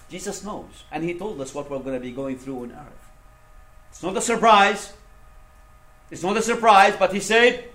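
A man preaching a sermon. He swings between hushed, low passages and raised, emphatic ones, and he asks the congregation questions for them to answer. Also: echoey room, slight background noise.

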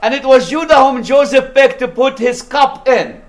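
A man with a fairly high voice delivers a sermon. He retells the story with animation, sometimes laughing and acting out the lines of its characters. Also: moderate pace. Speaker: preacher.

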